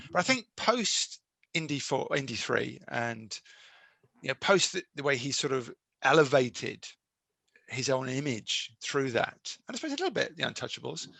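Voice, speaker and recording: A man, a film critic, speaking as an interview guest in an animated, digressive way with many restarts. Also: mid-range voice, creaky, dry recording, poor audio. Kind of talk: podcast interview.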